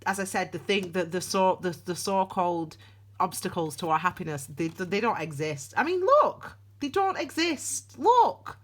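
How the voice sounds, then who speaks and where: A woman in her thirties gives a casual tarot reading straight to camera. Her voice swings widely in pitch, and she rambles warmly, laughs often and restarts her sentences. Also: animated, normal speed. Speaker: tarot reader. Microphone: camera on desk.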